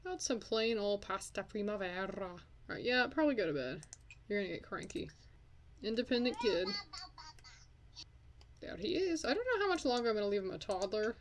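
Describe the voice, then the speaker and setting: A young woman gives casual, chatty commentary while playing a life-sim game. She scolds and swears at her characters as she goes, at an ordinary middle pitch. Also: very animated, fairly quick, pauses often, slight background noise. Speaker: let's play host.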